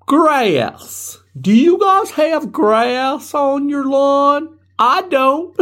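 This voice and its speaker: A man putting on the voice of a goofy, dim podcast host, high and strained, giggling between lines. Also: expressive, a bit bright, exaggerated voice. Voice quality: high, strained, drawn-out delivery.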